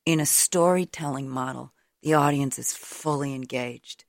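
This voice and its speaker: Casting note: actress guest, very low voice with gravelly fry, dry studio mic. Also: female voice, moderate pace, dry recording. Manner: enthusiastic. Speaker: stage actor, guest. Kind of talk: radio interview.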